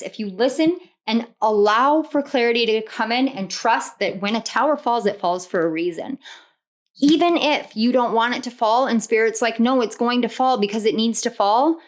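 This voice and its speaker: A woman reading tarot cards to camera, earnest and rambling, often repeating herself and laughing. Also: on the high side. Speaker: tarot reader.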